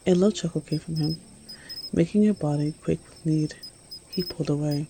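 A woman narrates a second-person romance story in a low, dark, gravelly voice. Her delivery is intimate and hushed, close and unhurried. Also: slight background noise, poor audio. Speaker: reader.

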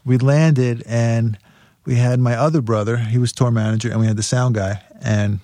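Male rock musician guest, profane raconteur, mid pitch, dry close mic. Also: fairly even intonation, normal speed, mellow, no echo. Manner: profane, laughing as he tells stories. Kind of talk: casual storytelling.

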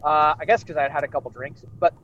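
A man's voice: a little high, steady tone, quick pace, lo-fi sound. A man co-hosting a podcast, telling a story in casual chat and laughing often. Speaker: podcast co-host.

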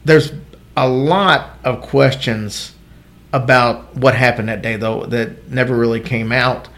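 A man of middle pitch co-hosting a loose chat show. He rambles through stories, jokes along the way and restarts his sentences often. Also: fairly even intonation, takes it slowly, fairly bright tone. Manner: rambling, joking, many restarts. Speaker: podcast co-host. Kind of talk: casual chat about celebrity stories.

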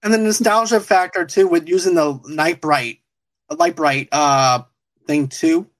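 A man's voice: on the high side, measured pace, fairly bright tone. A man hosting a podcast, reviewing a TV show in casual chat, rambling and laughing often. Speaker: podcast host.

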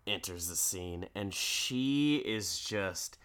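A man casually recapping a show, animated and profane, breaking into quoted voices and laughing. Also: deep voice, slow, smooth.

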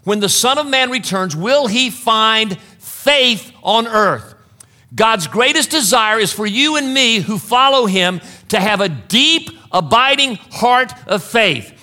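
A man's voice: high-pitched, lively intonation, takes it slowly, pushed and bright. A middle-aged man preaching a sermon to a congregation, earnest and direct, often calling his listeners "folks". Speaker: pastor.

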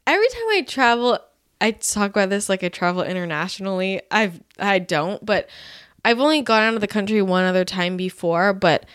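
A woman's voice: mid-range voice, clear, resonant tone, no echo, studio quality. A young American woman from California, a podcast host, chatting in a bubbly, casual way with plenty of fillers. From California, USA. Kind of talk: casual chat.

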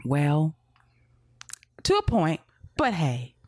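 A woman with a fairly low voice co-hosts a casual wrestling podcast, animated and teasing as she rants. The sound is dry and close, with no room around her. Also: drawn-out words, dry recording. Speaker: podcast co-host.

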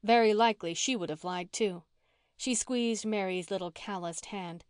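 A woman reading a classic novel aloud as an audiobook narrator, in an even, measured way. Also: mid-range voice, clean tone, no echo, clean studio sound. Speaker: audiobook reader. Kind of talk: scripted narration.

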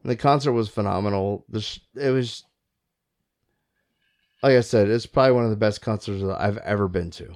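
A man's voice: fairly low pitch, a little fast, pauses often, darkish tone. A man co-hosting a podcast, chatting enthusiastically and swearing casually. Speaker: podcast co-host. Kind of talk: casual chat.

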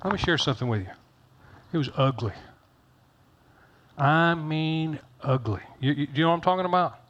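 A man's voice: a little high, expressive, very fast, fairly bright tone, dull audio. A middle-aged man pastor giving a conversational sermon, folksy and joking, repeating phrases for emphasis.

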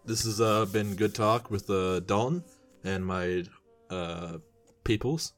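A young man hosting a casual podcast, telling a story and acting out the quotes loudly. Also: lowish voice, slow, faint music behind. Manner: animated, acts out quotes loudly, swears. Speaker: podcast host.

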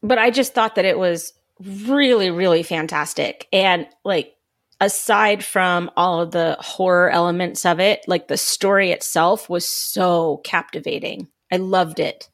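A woman's voice: fairly low pitch, a little slow. A woman co-hosting a podcast, chatting enthusiastically and saying "like" often. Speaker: podcast co-host. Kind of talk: casual chat.

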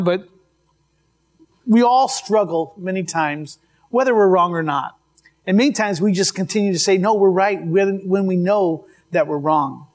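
Male pastor, high-pitched, chatty sermon delivery with restarts, live church mic. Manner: conversational storytelling with restarts.

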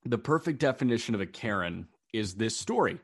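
Animated young man telling a story. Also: medium pitch, brisk, husky. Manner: animated storyteller, acts out quoted voices. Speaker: podcast co-host. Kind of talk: casual chat.

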